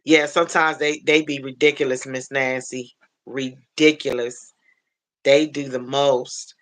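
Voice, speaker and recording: Unhurried chatty woman livestream host. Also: extremely low pitch, level tone. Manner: chatty, folksy, calls viewers baby and honey. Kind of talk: casual livestream chat greeting viewers.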